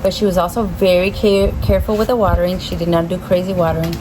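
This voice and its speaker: A woman's voice: fairly low pitch, level tone, quick pace. A woman chatting casually to camera about her orchids, rambling and easily startled, recorded outdoors by her backyard pergola. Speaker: orchid vlogger. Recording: outdoor recording with clear background noise.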